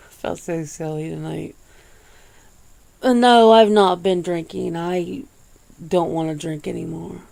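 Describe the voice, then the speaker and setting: A woman hosting a casual, soft-spoken ASMR chat, rambling along with easy swearing and frequent laughs, close to the mic. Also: deep voice, gravelly. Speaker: ASMR channel host.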